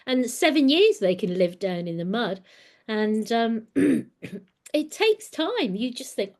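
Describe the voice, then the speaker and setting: Slow, earnest woman in her sixties. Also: fairly high pitch, sing-song, a little mellow. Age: 60s. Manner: unhurried, earnest, repeats words as she gathers thoughts. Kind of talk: reflective spoken talk on personal growth.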